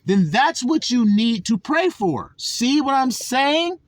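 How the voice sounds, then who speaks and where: Lively high-voiced man preaching. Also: takes it slowly. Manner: emphatic, stretches key words, repeats "you see it?". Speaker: religious teacher. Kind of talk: sermon-style teaching.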